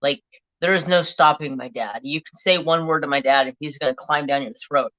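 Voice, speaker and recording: Middle-aged woman ranting on her stream, kinda low voice but bright and punchy, swears a lot, dull lo-fi sound. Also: a little fast. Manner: blunt, profane, rambling storyteller. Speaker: livestream host. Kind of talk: casual storytelling to a live chat.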